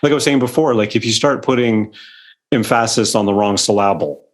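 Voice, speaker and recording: A man's voice: on the low side, brisk. A man co-hosting a music interview show, emphatic and analytical, repeating words as he builds a point. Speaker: co-host. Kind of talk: conversational interview.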